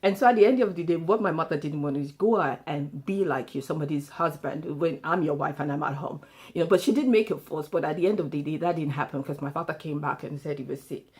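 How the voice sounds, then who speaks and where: A middle-aged woman, telling family stories in an animated way. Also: low voice, fast talker. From Nigeria. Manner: animated storytelling, acts out family quotes. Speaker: speaker sharing life lessons. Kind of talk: storytelling talk.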